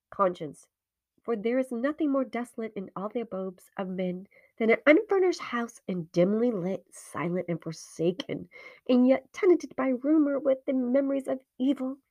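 A woman reading a ghost story aloud in a hushed, dramatic voice. She sits fairly high in pitch, slips into whispers, and slows for suspense. The recording is dry and close. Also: dry recording.

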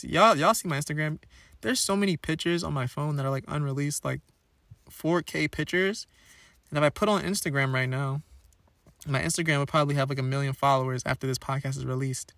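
A man's voice: on the high side, bright, forceful tone, no echo. A young man hosting a solo podcast, chatting casually in a playful, rambling, slangy way. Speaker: podcast host.

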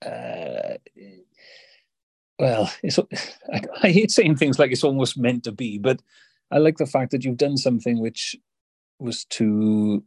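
A male podcast host with a slightly husky voice, asking long, meandering questions in an easy conversational way. He sounds supportive of his guest, and the sound is dry and close. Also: mid-range voice, lively intonation, moderate pace, darkish tone, no room sound. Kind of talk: conversational interview.

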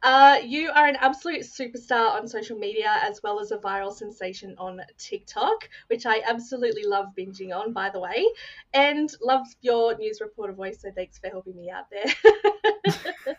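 An Australian podcast host, a young woman with a mid-range voice, speaks at a moderate pace in an animated way. She's earnest and effusive as she introduces and thanks her interview guest, and the recording is lo-fi.

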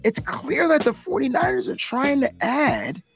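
A man's voice: very high voice, huge pitch swings, measured pace, creaky, a bit bright, faint music behind. A man co-hosting a casual sports fan podcast, talking in loose slang and laughing often. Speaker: podcast co-host.

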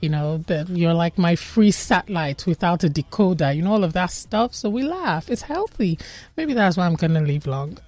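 A woman's voice: fairly low pitch, moderate pace, slight background noise. A woman with a Nigerian English accent giving casual relationship advice, acting out little bits of dialogue in playful voices. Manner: animated, acts out quoted dialogue with playful voices.

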